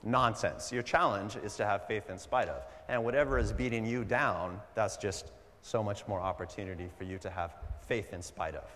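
Animated low-voiced male preacher. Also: normal speed, a little hiss or hum. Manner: animated, conversational, digressive. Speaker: pastor. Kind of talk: sermon. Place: church service. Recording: long hall reverb.

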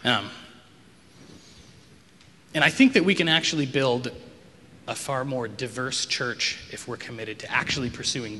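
A man's voice: medium pitch, pushed and bright, a little hiss or hum. A man giving a conversational sermon as a pastor, reflective and loose, with frequent ums and wry asides. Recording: long reverb of a large hall.

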